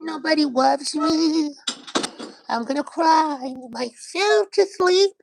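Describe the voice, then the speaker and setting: A man's voice: very high-pitched, big pitch swings, very slow, gravelly, a bit bright, a little hiss or hum, exaggerated voice, low-quality recording. A man playing a lonely, self-pitying young girl who whines and sighs, in a comedic skit. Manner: whiny, mopey, sighing.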